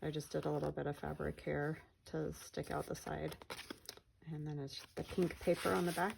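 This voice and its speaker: A woman with a lowish, gravelly voice gives a relaxed walkthrough of her craft project. She talks in a chatty, meandering way and often trails off mid-thought. A faint hiss sits under her voice. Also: normal speed. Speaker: craft vlogger. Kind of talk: casual journal flip-through narration.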